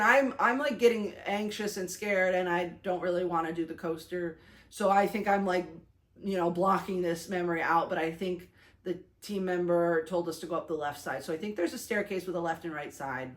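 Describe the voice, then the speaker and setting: A young woman vlogger casually recaps her day in a fairly low-pitched voice, chatty and animated, full of fillers and self-conscious restarts.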